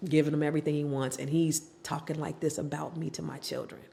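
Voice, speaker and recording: A woman's voice: deep voice, fast talker, gravelly, slight background noise. A middle-aged woman, a podcast guest, telling her personal story candidly and acting out what family members said. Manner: animated, acts out quoted family members.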